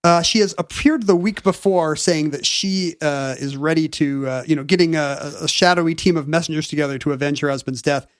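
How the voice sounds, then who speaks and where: A man with a slightly high voice lays out a story for his co-host, stopping often to restart his sentences. The sound is dry, with no room behind him. He talks in a casual, chatty way. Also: brisk, hardly any pauses, no echo. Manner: explanatory, with frequent "uh" and restarts. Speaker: podcast co-host. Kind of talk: casual chat, recapping a topic.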